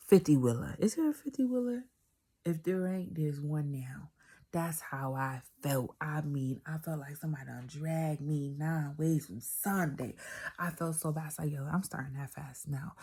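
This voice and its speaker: Deep raspy-ish black lady telling her faith story, casual, repeats herself, whispers the big parts, bit of fry. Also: normal speed. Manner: animated, repeats phrases, drops to whispers for emphasis. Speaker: vlogger telling a personal testimony.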